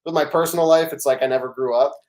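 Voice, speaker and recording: A middle-aged man, a podcast guest, telling stories in animated casual chat, with many fillers and restarts. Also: a little high, fast talker.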